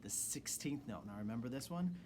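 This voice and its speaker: A man's voice: medium pitch, animated, a little fast, background noise. A man who is a music teacher, giving a rhythm lesson to children in an encouraging way and chanting rhythm syllables.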